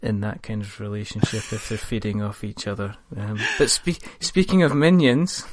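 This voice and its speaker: A man's voice: on the low side, animated, normal speed, dry recording. A man hosting a gaming podcast, chatting casually in a rambling, jokey way. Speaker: podcast host. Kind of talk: casual chat.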